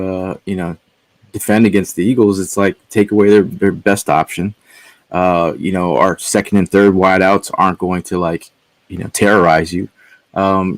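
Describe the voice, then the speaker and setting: A man in his thirties, a podcast guest who talks in a relaxed, rambling way with lots of fillers. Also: low-pitched, dry recording. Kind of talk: casual sports podcast chat.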